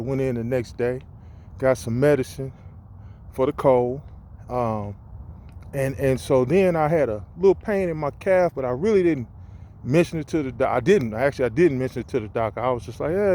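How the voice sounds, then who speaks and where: A man telling his own story in a casual vlog, animated, acting out the voices he quotes. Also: medium pitch. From St. Louis area, USA. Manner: animated, acts out quoted voices, restarts and fillers. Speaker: vlogger sharing his story. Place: outdoors on a campus walk.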